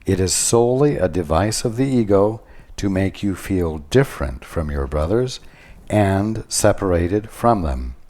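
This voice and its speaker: Slow, deep-voiced man teaching spirituality. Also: dark tone. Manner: measured, deliberate, with long pauses. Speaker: spiritual teacher channeling at a study group.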